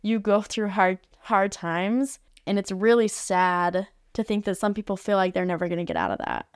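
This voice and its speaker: A woman guest on a podcast recalls an experience in a relaxed, chatty way, filling her sentences with "like". Her voice is smooth and clear and sits at an ordinary middle pitch. The sound is dry and close, with no room echo. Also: normal speed. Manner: chatty, peppered with "like" fillers. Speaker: podcast guest, art facilitator. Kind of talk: casual storytelling. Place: podcast studio.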